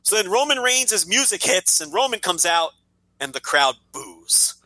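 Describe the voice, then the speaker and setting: Exasperated man in dry, bright close-up. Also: high voice, sing-song, unhurried, no room sound, poor audio. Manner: exasperated, sarcastic, profane. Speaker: wrestling podcast co-host. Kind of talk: casual ranting chat.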